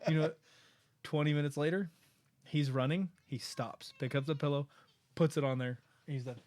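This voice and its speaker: A father chatting casually and telling a relaxed anecdote, laughing now and then. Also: fairly high pitch, moderate pace, dry recording. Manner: relaxed storyteller, laughs often. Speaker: co-host. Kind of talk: casual chat.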